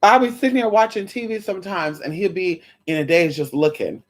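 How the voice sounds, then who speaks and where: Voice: medium pitch, fairly quick. A livestream host chatting casually with viewers, sassy and profane, calling them honey and girl, and slipping into quoted voices. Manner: animated, breaks into quoted voices.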